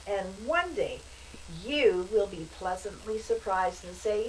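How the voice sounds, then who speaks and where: A woman calmly guiding a meditation and breathing exercise, with casual asides as she talks. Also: on the high side. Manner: slow, calm, soothing delivery with casual asides. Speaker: meditation instructor. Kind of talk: guided meditation instruction. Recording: voice from a distance, faint background noise.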